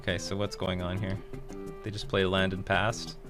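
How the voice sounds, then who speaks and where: Chatty Canadian man, bright lowish voice. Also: flat delivery, moderate pace, soft background music. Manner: chatty, laughs often, swears casually. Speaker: streamer playing a card game. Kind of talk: casual gameplay commentary.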